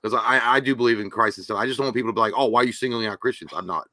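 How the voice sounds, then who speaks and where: A man's voice: mid-range voice, rapid-fire, sharp tone. A man co-hosting a casual live-stream movie news show, making dry, crude jokes and laughing at them. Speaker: podcast co-host.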